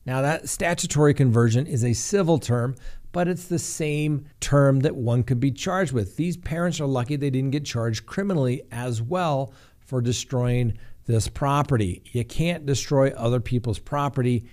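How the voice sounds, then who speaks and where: A man's voice: mid-range voice, moderate pace, a little mellow. Wry, sarcastic male crime news host. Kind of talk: scripted crime news commentary.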